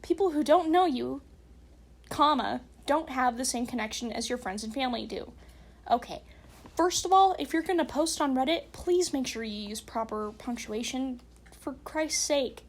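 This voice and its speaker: High-voiced blunt woman reading aloud. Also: lively intonation, normal speed. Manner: blunt, sarcastic, nitpicks grammar; sighs, apologetic asides. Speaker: podcast host reading online horror stories. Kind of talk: casual reading with commentary.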